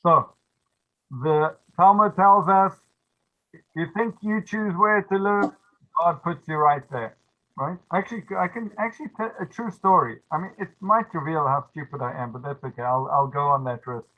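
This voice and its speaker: A man gives a storytelling lesson, chatty and full of restarts and asides. His voice sits a bit high, and the sound is thin and phone-like. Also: moderate pace. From South Africa. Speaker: religious teacher.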